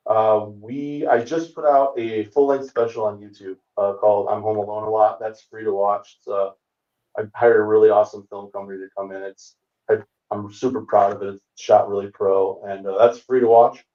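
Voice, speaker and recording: A man's voice: on the low side, moderate pace. A man in his forties tells a road story with easy timing, acting out the people in it. He sits in an echoey room at some distance from a dull-sounding mic on a video call. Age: 40s. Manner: animated, acts out other people's lines. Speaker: comedian guest. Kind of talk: storytelling anecdote in casual chat. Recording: roomy, distant, dull remote call audio.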